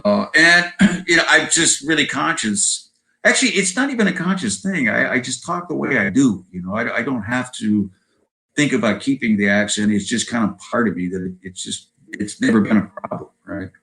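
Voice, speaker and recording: A rough recording captures a Southern California guest musician of about seventy speaking with an American accent in an expressive, sharp, mid-range voice at normal speed. Over video call, his casual interview chat wanders, punctuated by "you know" and "right?".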